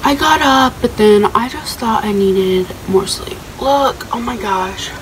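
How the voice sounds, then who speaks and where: A woman's voice: fairly high pitch, lively intonation, measured pace, a little hiss or hum, rough recording. A young adult woman chatting casually to her vlog camera at home and in her car, rambling with lots of fillers like "um" and "like". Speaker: vlogger. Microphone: handheld phone.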